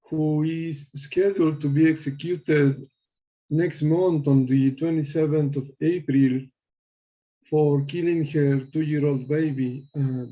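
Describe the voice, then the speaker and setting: A man calling into a show, reading measured prepared commentary with small slips. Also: on the high side, dull audio. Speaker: caller.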